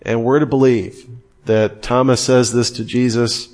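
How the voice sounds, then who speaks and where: A man's voice: mid-range voice, level tone, measured pace, darkish tone. A man giving a Christian apologetics lesson in a conversational way, with emphatic, incredulous asides. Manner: conversational, acts out quoted voices. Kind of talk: lively teaching talk.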